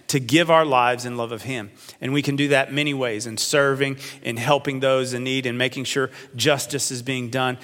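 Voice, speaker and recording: A pastor delivering a sermon, earnest, slowing down to stretch key phrases. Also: male voice, mid-range voice, fairly bright tone. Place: church sanctuary. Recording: long hall reverb.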